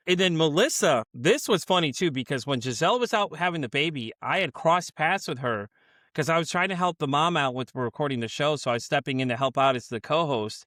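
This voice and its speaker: A man hosting a podcast, telling stories in a casual, animated way, acting out quotes and swearing freely. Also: on the high side, a little fast, dry recording, clean studio sound. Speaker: podcast host.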